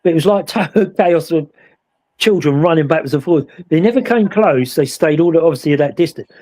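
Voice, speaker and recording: A man with a fairly high speaking voice tells a spooky tale in a lively, chatty way. He slips into other voices as he retells what happened. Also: a little fast. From England. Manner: animated, acts out voices in his story. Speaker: paranormal investigator. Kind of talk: casual storytelling chat.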